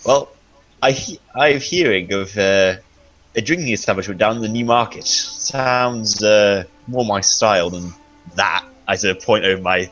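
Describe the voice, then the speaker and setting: A man's voice: fairly low pitch, moderate pace, fairly bright tone, muffled recording. A man playing a tabletop game, laid-back and a little hesitant. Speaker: player. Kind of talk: in-character tabletop play.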